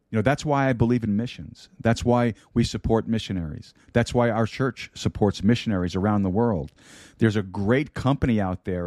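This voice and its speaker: A man delivers a podcast sermon in a low, warm voice, earnest and deliberate. He circles back to key phrases to press them home. The studio microphone gives a close, dry sound. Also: no room sound. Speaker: pastor. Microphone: studio microphone with mute button.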